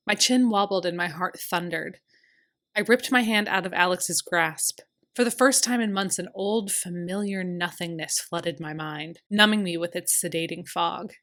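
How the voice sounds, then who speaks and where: Woman narrator, audiobook, first-person romance, earnest, lowish voice. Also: moderate pace, a bit bright. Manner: earnest, emotional storytelling.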